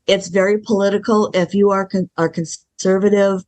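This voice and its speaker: A woman filmmaker answers questions in a casual interview. Her speech is thoughtful and halting. She often stops mid-word and starts over. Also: mid-range voice, steady tone, darkish tone. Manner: thoughtful, halting, with many restarts and ums. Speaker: filmmaker guest.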